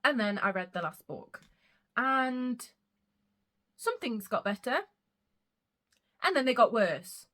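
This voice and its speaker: Girl rambling about her books, bright voice, super passionate, swears a lot. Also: fairly high pitch, expressive, slow pace, pauses often. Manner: gushing, emotional, swears freely. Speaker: book vlogger. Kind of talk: casual chat.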